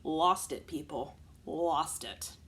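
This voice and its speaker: A woman in her forties chatting to the camera, telling a long personal story in an animated, casual way. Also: low-pitched, slow pace, slight background noise. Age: 40s. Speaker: vlogger.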